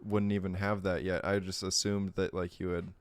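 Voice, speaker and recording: A man's voice: low-pitched, flat delivery, moderate pace, clear, resonant tone. A man hosting a live-stream interview, laid-back and chatty, laughing along with short replies. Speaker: stream host. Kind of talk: casual interview chat.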